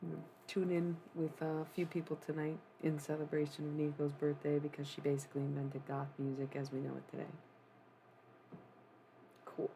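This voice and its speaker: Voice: mid-range voice, completely flat delivery, normal speed, gravelly, dark tone, slight background noise. A streamer and self-styled necromancer chatting casually on a live stream and retelling a singer's life story, with rambling, offhand asides to the chat.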